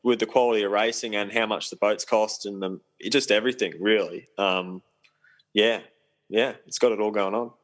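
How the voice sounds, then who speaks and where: As a podcast guest, this young adult professional sailor talks in a relaxed, meandering way, filling gaps with ums. His voice is lowish and steady at normal speed, captured on a rough recording.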